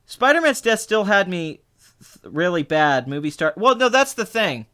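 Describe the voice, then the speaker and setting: A young man casually chatting as a film review podcast co-host, animated and quick to act out what people said. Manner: animated, mimics people in high excited bursts. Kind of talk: casual chat.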